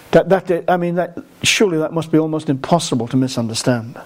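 A man preaching a sermon in an earnest way, often repeating words and slowing down to stress key phrases. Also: fairly high pitch, slight background noise.

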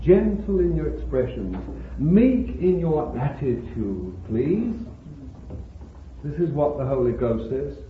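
A man's voice: on the high side, lively intonation, slow pace, a little hiss or hum. A man preaching a sermon to a congregation, emphatic and exclaiming, breaking into chuckles. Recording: tinny phone-like old sermon tape, echoey hall.

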